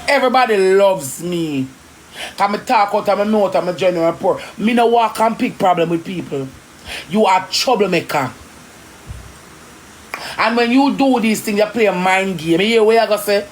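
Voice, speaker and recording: Jamaican woman going off on a live stream, heated and confrontational, talking fast in patois. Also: mid-range voice, animated. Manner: indignant, confrontational, rapid patois.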